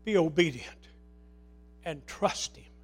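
A middle-aged man preaching a sermon with passion, swinging from loud cries to hushed pleas. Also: a little high, slow, husky. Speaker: pastor.

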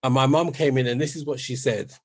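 A man's voice: mid-range voice, steady tone, fast, darkish tone, dry recording, studio quality. A middle-aged man, a podcast guest, recounting his past steadily and checking in with "right?". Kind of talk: conversational storytelling.

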